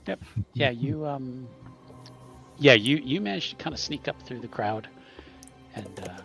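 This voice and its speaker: A man narrating a tabletop game as game master, pausing often with ums and restarts. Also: medium pitch, expressive, creaky, a bit bright, faint music behind. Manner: hesitant, many ums and restarts.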